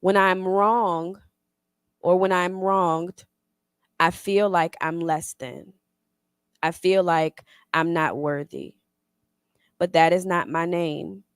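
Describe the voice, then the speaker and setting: A woman reading her own spoken word poem slowly and deliberately, then leading a youth poetry circle. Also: lowish voice, steady tone, clear, resonant tone, dry recording, clean studio sound. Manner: slow, deliberate poetic delivery. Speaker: workshop facilitator.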